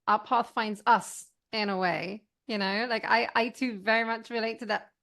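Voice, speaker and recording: A woman podcast host chats with her guest in an affirming, easygoing way. Her voice sits somewhat high and often drops into a gravelly fry. She keeps the conversation light and encouraging. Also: fairly even intonation, moderate pace. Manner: warm and affirming, repeats "I love that". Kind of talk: casual interview chat.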